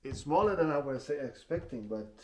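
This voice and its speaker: A man's voice: on the high side, lively intonation, moderate pace, a little mellow, a little hiss or hum. A man doing a casual product unboxing at home in his apartment, speaking plainly and often restarting his phrases. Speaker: tech reviewer.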